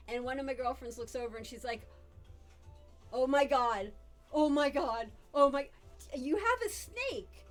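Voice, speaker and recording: A chatty woman with a somewhat high voice hosts a relaxed live stream, reading viewer comments aloud and answering them. She laughs easily and grows lively as she tells stories. Soft music plays faintly underneath. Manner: laughs often, lively when telling stories. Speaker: live-stream host teaching casino games. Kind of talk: casual live-stream chat.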